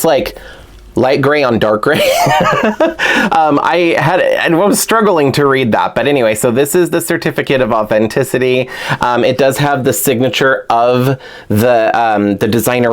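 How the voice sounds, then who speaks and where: Excitable male toy reviewer, gushing, chatty and filler-heavy, mid-pitched voice. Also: normal speed. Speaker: toy collector reviewing a doll. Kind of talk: casual unboxing vlog.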